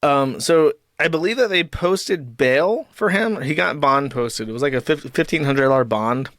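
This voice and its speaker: A young adult man rambles through live stream commentary, swearing freely and firing off quick asides. His voice sits a little higher than most men's. The sound is dry and close, with no room echo. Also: fairly bright tone. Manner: profane, rambling, fast asides.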